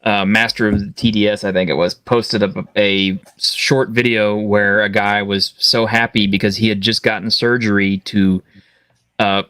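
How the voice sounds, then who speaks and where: Guy on a geek news panel, normal pitch, dry mic, gets animated arguing. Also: moderate pace, smooth, dry recording. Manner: animated, rising pitch when objecting. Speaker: guest. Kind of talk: casual panel chat.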